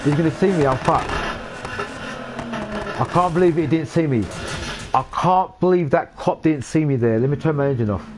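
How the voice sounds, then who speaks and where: A young man talks his viewers through a racing game. He swears freely and gets heated when things go wrong. His voice sits a little high. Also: normal speed, pauses often, a little hiss or hum. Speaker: live-streaming gamer. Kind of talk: casual gameplay commentary.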